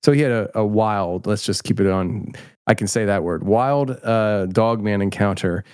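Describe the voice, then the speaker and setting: A man's voice: lowish voice, normal speed, a little mellow, smooth, dry recording, studio quality. A middle-aged man chatting casually as an interview guest, rambling and self-deprecating with many restarts. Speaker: podcast host, guest filmmaker.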